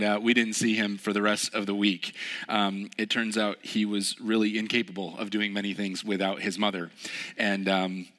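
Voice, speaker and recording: A young man preaching a relaxed, conversational sermon, telling stories with lots of fillers. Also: fairly low pitch. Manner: casual, storytelling, many fillers. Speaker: pastor.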